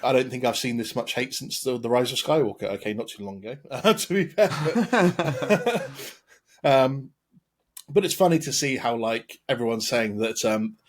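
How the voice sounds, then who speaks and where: A man's voice: mid-range voice, animated, moderate pace, a little hiss or hum. An English man hosting a podcast, chatting casually and rambling with many ums and restarts. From England. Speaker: podcast host. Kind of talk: casual chat.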